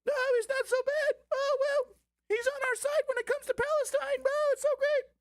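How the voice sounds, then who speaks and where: Shrill fawning male pundit, squeaky falsetto, thin and distant. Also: fairly even intonation, normal speed, no room sound, studio quality. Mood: gushing.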